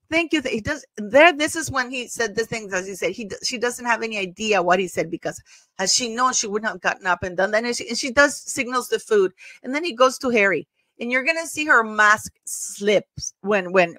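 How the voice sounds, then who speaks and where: A woman's voice: fairly high pitch, brisk, pushed and bright, no room sound. A woman hosting a commentary channel, talking casually and emphatically over footage, gossipy and prone to repeating herself.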